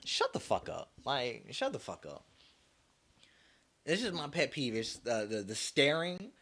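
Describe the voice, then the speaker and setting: A young man hosts a solo podcast and rants about his pet peeves. He swears freely and mimics the people he complains about in mocking voices. His voice sits at an ordinary middle pitch for a man. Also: a little slow. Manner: profane, animated ranting with mocking quoted voices. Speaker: podcast host.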